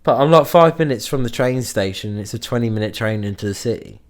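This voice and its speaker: A man's voice: mid-range voice, fast talker. A young man from around Liverpool, chatting casually on a podcast. He tells a story full of swearing and acts out the people in it. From Liverpool area, England. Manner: sweary, animated anecdote-telling with acted quotes. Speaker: podcast host.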